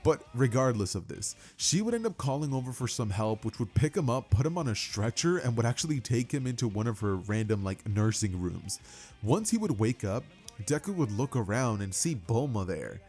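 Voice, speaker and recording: A man's voice: mid-range voice, sing-song, normal speed, darkish tone, soft background music. A man casually narrating a fan-made what-if story, chatty and full of fillers and asides to the listener.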